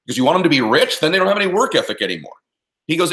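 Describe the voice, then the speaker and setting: A man with a somewhat high voice answers an interviewer in an emphatic, motivational way. He speaks in punchy bursts and keeps checking that his listeners follow him. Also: sing-song, quick pace, bright, forceful tone. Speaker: interview guest, performance coach.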